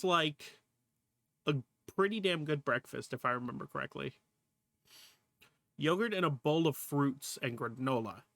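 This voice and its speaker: A man with a slightly high, pushed and bright voice, recorded dry, hosts a casual livestream reaction. He talks with viewers while watching a video, laughing often, swearing freely and exclaiming at what appears.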